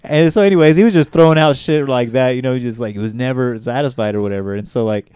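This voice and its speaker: A man's voice: mid-range voice, fast, darkish tone, clear, resonant tone, no room sound. Profane, rambling man telling a story. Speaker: podcast guest. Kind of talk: casual podcast chat.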